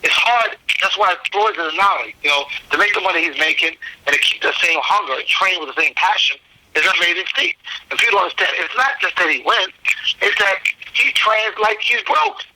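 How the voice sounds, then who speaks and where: A middle-aged man talks quickly in a casual interview, with a sharp, bright tone. His pitch sits somewhat high for a man. He tells his stories in an animated way, restarting his sentences often. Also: poor audio. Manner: animated storytelling, many restarts. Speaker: interview guest, former boxer.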